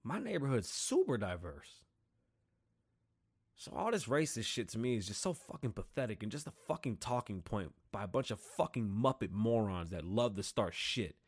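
A man in his thirties hosting a casual monologue, telling stories in a profane, animated and rambling way. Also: lowish voice, moderate pace, breathy edge. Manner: rambling, digressive. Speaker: podcast host.

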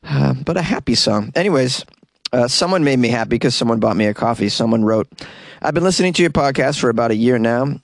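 A man hosting his own podcast, chatting loosely and jokingly as he rambles from one aside to the next. His voice sits at an ordinary pitch for a man and sounds dry and close, with no room echo around it. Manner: playful, rambling, breaks into silly singing. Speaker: podcast host. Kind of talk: casual solo podcast chat.

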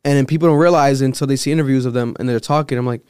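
A man hosting a podcast, chatting casually in a loose, animated way with lots of fillers and quick asides. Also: medium pitch, clean tone, dry recording, clean studio sound. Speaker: podcast host. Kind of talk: casual chat.

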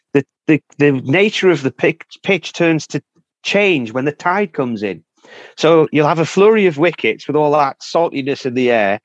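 A man's voice: medium pitch, no room sound, highs cut off. A man with a Northern English accent, a cricket correspondent, chatting in a teasing, rambling way with fillers. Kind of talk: casual cricket chat.

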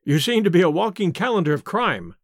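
A jovial, talkative young fellow, as a man reads him aloud in a storybook reading. The voice is high and lively in its intonation. The sound is close and dry. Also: brisk, no room sound, heavily acted. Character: friendly young male medical acquaintance. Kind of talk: audiobook character reading.

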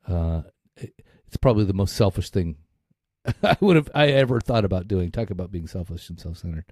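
Male podcast co-host, low mellow voice, rambling and profane, dry close recording. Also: lively intonation, brisk, no room sound. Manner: rambling, profane, laughs often. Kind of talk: casual recovery podcast chat.

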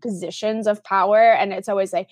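A woman's voice: medium pitch, fairly even intonation, fairly quick, darkish tone, dry recording. A young adult woman from Oklahoma, a podcast guest chatting casually with lots of fillers and restarts. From Tulsa, Oklahoma area, US. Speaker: podcast guest, film critic.

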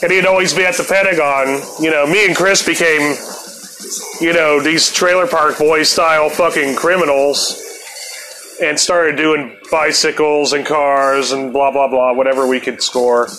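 Man in his fifties, podcast host, rambling swear-filled story, slightly high pitch, bright tense tone. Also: fairly even intonation, a little slow, slight background noise, poor audio. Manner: laid-back, swears constantly, laughs at his own stories. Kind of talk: profane storytelling monologue.

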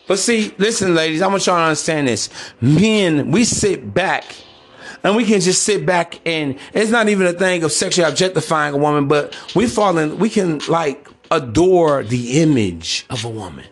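A man's voice: a little high, expressive, normal speed, faint music behind. A man hosting a podcast, giving a blunt, preachy monologue full of slang and mocking put-on voices. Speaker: podcast host. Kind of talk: casual monologue.

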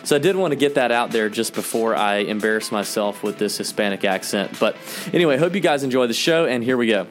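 A man's voice: mid-range voice, lively intonation, fast, hardly any pauses, faint music behind. Easygoing male golf podcast host. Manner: friendly, joking, lots of fillers. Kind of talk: casual podcast chat.

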